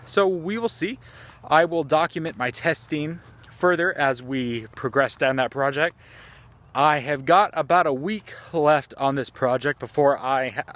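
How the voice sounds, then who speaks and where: A man in casual vlog mode, recorded outdoors on a phone held out at arm's length. He rambles in a chatty, self-deprecating way and sounds slightly out of breath. His voice sits at an ordinary middle pitch for a man. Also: fairly bright tone. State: a little out of breath. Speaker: gaming YouTuber. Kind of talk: casual vlog talk to camera. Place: outdoors at dusk, near trees.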